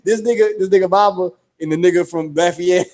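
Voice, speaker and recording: A man's voice: sits high, fairly quick. A man co-hosting a casual podcast, retelling a show's plot in a slangy, profane way and acting out the characters' lines. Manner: animated storytelling, acts out quoted dialogue. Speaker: podcast co-host.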